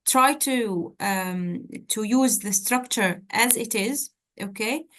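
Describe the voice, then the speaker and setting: A woman's voice: medium pitch, slow, a bit bright. A woman tutor giving direct, coaching feedback in an online session, often checking in with "okay?", heard over a video call. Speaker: medical exam tutor.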